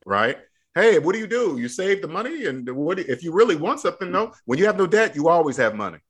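A man's voice: high-pitched, very animated, quick pace, husky. A man coaching a younger guest on money, emphatic and preachy, repeating his points in casual podcast chat. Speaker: debt-free money coach.

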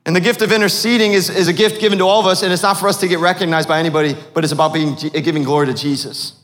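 A man's voice: on the high side, fairly even intonation, racing, a bit bright, in a large hall. A man preaching a sermon as pastor, asking the congregation questions as he goes.

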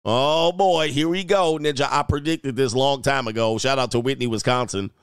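A man's voice: medium pitch, moderate pace, smooth, dry recording, clean studio sound. A man hosting his channel as a coach, joking through casual reaction commentary and reading news stories aloud.

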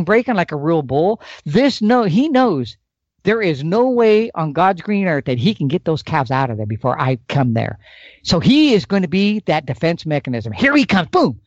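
A man's voice: a little high, no room sound, dull audio. A man on a podcast, an elk calling expert, telling hunting stories with energy and showing calls with his mouth. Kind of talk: animated podcast storytelling.

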